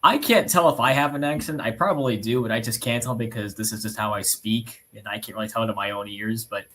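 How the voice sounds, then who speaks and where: A man's voice: on the low side, a little fast, sharp tone. A young man on a robotics team's live stream, chatting casually, rambling and laughing often at himself. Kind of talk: casual livestream chat.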